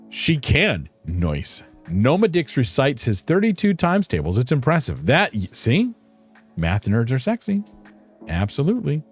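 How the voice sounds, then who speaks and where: A man's voice: medium pitch, wildly swooping pitch, unhurried, soft background music. A man streaming a game, chatting casually with viewers in a playful, rambling, self-mocking way. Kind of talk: casual live-stream chat.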